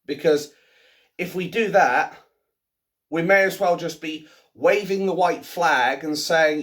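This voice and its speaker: Guy in his 30s ranting to camera at home, pitch all over the place, goes quiet then loud. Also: lively intonation, measured pace. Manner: swings between low muttering and loud outbursts. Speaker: vlogger. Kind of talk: casual ranting monologue. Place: at home, by the sink.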